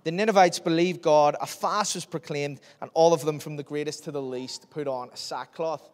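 A man preaching a sermon, telling a Bible story in a lively way and acting out its scenes. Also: on the high side, moderate pace. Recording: long reverb of a large hall.

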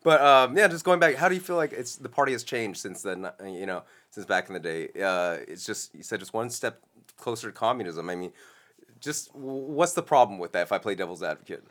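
A man's voice: on the low side, expressive, brisk, a bit bright. A man hosting a casual interview, easygoing, asking questions and laughing along.

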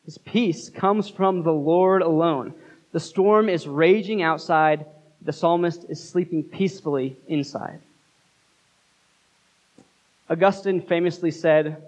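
A man preaching a sermon as pastor, earnest, with dramatic pauses. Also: a little high, rough recording.

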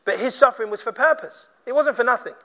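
Speaking in a very high, sharp voice and talking fast, a preacher gives a conversational sermon in church, slipping briefly into the voices of those he quotes.

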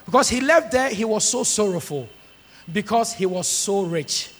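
Man preaching, high voice, husky tone, emphatic sung-out shouts, long church reverb. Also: lively intonation, normal speed. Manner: emphatic, swings between soft asides and shouted sung lines. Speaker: pastor. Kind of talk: sermon. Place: large church hall.

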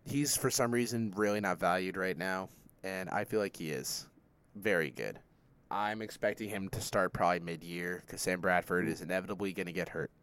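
A man's voice: sits low, moderate pace, fairly bright tone, clean tone. A young man co-hosting a casual sports chat, joking and rambling through his opinions. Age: young adult. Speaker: podcast co-host.

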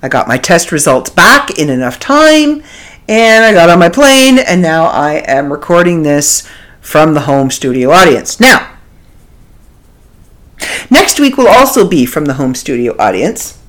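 A woman from Canada hosting a podcast from her home studio, telling a story in a casual, animated way and laughing often. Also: on the low side, a little slow. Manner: animated, laughs often, acts out quoted voices. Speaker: podcast host.

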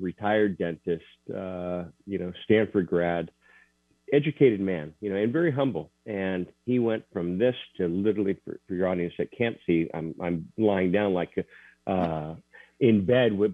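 A man recounting a personal story as an interview guest, earnest and halting, with many restarts. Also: sits low, no echo. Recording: tinny dry phone line.

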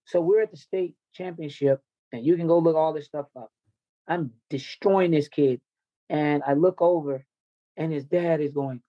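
Guy coaching wrestling, spilling a raw story, swears a lot, bit high voice, dull dry lo-fi sound. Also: moderate pace, no room sound. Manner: raw, profane, intense, confessional. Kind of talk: emotional personal storytelling in an interview.

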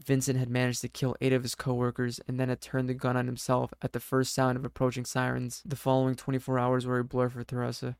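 A man narrates a dark scripted story in a measured, steady reading voice. His tone is smooth and clear, held almost level throughout, at a middling pitch. The recording is close and dry. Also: no room sound.

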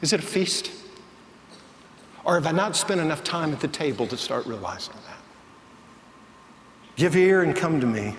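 Preacher, male, slightly higher voice, lively storyteller, roomy church hall with long reverb. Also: moderate pace, pauses often, slight background noise. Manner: animated, acts out quoted voices in the story. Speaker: pastor. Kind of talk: sermon storytelling. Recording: echoey church hall, faint ambience.

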